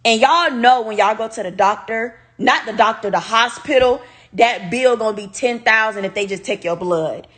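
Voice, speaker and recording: A woman's voice: medium pitch, moderate pace, fairly bright tone. A woman telling viewers a personal story in casual storytime chat. She talks candidly, swears freely and addresses the audience directly.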